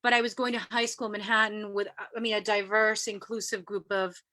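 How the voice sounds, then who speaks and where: A woman from New York City, a guest in an interview, who tells stories in a lively way and acts out the voices she quotes. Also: medium pitch, fairly quick. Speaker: guest sharing spiritual experiences. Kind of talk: casual storytelling interview.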